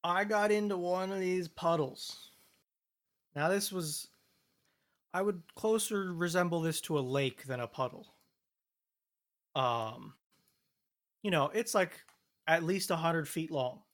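Relaxed man with a higher voice chatting. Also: slow pace, pauses often. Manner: laid-back storyteller recounting events step by step. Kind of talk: casual chat.

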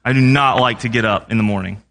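A man's voice: mid-range voice, fast, fairly bright tone. A young man preaching a sermon in a conversational way, often asking the congregation questions.

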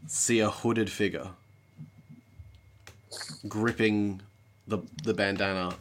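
A game master narrating a tabletop game in a slow, measured way with dramatic pauses. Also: low voice, fairly even intonation, a little hiss or hum.

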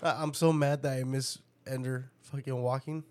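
A man's voice: medium pitch, flat delivery, moderate pace, darkish tone. A man telling profane stories in casual chat, laughing often.

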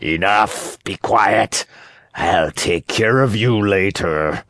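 A man reading an audiobook voices a huge, fearsome male theater director who speaks like an ogre with a cold, slow and menacing. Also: on the low side, fairly bright tone, no room sound, studio quality. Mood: stern.

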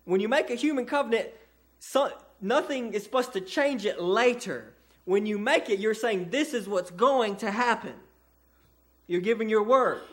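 A man with a fairly high voice preaches a sermon from a church pulpit. He explains scripture in earnest, often stopping to restart or repeat a word before pressing on. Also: moderate pace, a bit bright. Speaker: pastor. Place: church sanctuary.

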